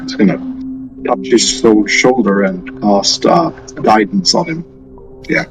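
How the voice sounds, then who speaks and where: A man playing a tabletop game, speaking in character in a gentle, consoling way. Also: mid-range voice, sing-song, takes it slowly, creaky, music in the background, poor audio. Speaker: player. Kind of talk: in-character tabletop role-play.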